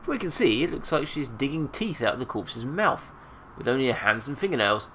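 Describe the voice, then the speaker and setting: A man's voice: medium pitch, very animated, fairly quick, a bit bright, slight background noise. A man with a stuffed-up nose, hosting a let's play, reading the game text aloud with casual asides. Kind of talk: game narration and commentary.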